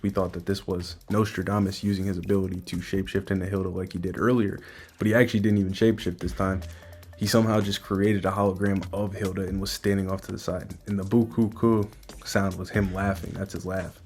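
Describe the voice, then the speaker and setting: Deep-voiced man breaking down a manga. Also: a little mellow. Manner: enthusiastic, speculative. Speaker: manga chapter reviewer. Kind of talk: casual chapter breakdown.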